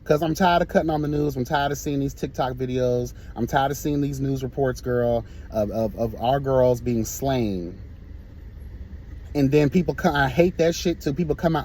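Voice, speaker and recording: A man's voice: medium pitch, normal speed, a little mellow, slight background noise. A man giving an impassioned, sassy straight-talk monologue as a vlogger while driving, recorded on a phone. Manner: sassy, emphatic, keeps calling listeners girl.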